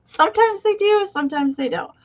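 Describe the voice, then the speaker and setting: A woman's voice: extremely high pitch, expressive, fairly quick, muffled recording. A woman hosting a live online sale, chatting casually and greeting viewers one by one. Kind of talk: casual livestream chat.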